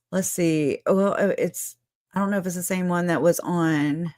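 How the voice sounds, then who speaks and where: A woman hosts a casual true crime livestream, speaking bluntly and emotionally at normal speed and laughing often. Her slightly low, darkish voice has fairly even intonation and is recorded close and dry, with no room echo.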